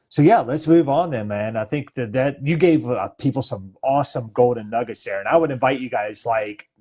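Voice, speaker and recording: A man's voice: lowish voice, darkish tone. A man hosting a casual faith-based business live stream, upbeat and affirming, who talks straight to his viewers.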